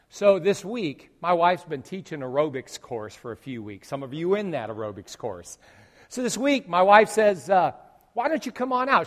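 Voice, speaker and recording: A man preaching as pastor, telling a lively story to his congregation with groans acted out. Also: fairly high pitch. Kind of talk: sermon. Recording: long hall reverb.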